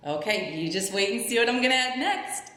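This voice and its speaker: A woman's voice: on the high side, expressive, brisk. A woman chatting upbeat to her viewers as she decorates her home, talking them through each step. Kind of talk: casual decorating tutorial narration. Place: her home living room. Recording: very echoey room with soft background music.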